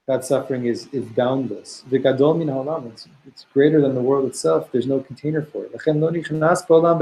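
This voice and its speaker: A man with a fairly high, darkish voice leads a classroom Torah lesson, reading Hebrew passages aloud and reflecting on them carefully, often repeating words while thinking things through. The recording is rough.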